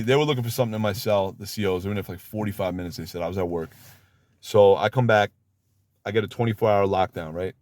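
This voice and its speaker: Blunt streetwise man, low dry voice. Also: darkish tone, dry recording. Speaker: former inmate giving advice. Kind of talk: casual advice monologue.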